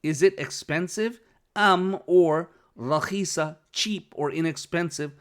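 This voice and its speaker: A man's voice: on the high side, takes it slowly, a bit bright. A man teaching Arabic, reading phrases from a dialogue aloud, translating them and explaining the grammar, often checking in with "okay?".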